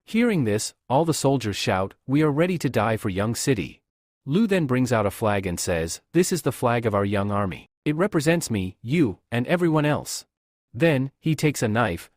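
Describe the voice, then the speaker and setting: Lively man narrating a comic recap. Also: medium pitch, dry recording, studio quality.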